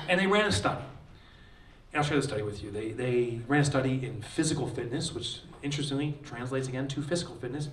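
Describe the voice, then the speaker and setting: An animated man on stage, his fairly high voice swinging widely in pitch as he tells stories to a crowd. The sound is roomy and a little distant, like a conference hall picked up from afar. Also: fast. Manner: animated, acts out quotes with shouts and laughs. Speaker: author giving a conference keynote. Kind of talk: energetic keynote speech with storytelling. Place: large conference hall, live audience.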